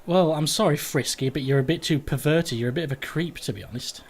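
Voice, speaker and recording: Male let's-play host, crude jokey commentary, slightly high voice. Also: fairly quick, slight background noise. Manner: crude, joking, swears a lot. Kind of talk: casual game commentary.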